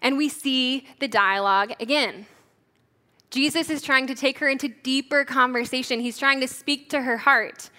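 A young woman giving a sermon in a relaxed, chatty way, often saying "like". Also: high-pitched, moderate pace. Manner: casual, chatty, says "like" often. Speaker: church leader preaching. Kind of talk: conversational sermon.

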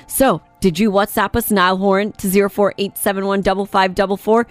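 A woman's voice: medium pitch, level tone, fairly quick, no echo. New york lady co-hosting morning radio, super bubbly, light music in the background. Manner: bubbly, enthusiastic. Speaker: radio host. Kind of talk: breakfast radio chat.

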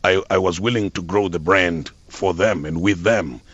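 A middle-aged South African man from the Eastern Cape, a former football club PR officer, telling stories in a radio interview with an animated, expressive delivery. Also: low-pitched, moderate pace, breathy edge, no room sound, highs cut off.

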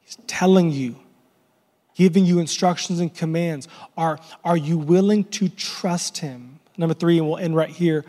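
Slow, high-voiced pastor preaching. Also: male voice, dark tone. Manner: impassioned preaching, repeats words, builds to crescendos. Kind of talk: sermon. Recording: long reverb in a large hall, faint music.

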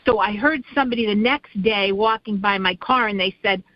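A woman's voice: medium pitch, fairly quick, no echo, lo-fi sound. A middle-aged woman co-hosting a radio talk show, chatting casually and telling stories with many restarts. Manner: rambling storyteller with many restarts. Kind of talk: casual chat.

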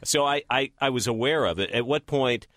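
A man's voice: medium pitch, brisk, fairly bright tone, no echo, studio quality. A man from Texas hosting a casual interview, talking conversationally with many restarts. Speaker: host.

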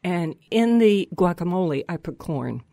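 A man in a casual food chat, talking at an unhurried pace as he lists ingredients one by one. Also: high-pitched, lively intonation, creaky, mellow, dry recording, clean studio sound.

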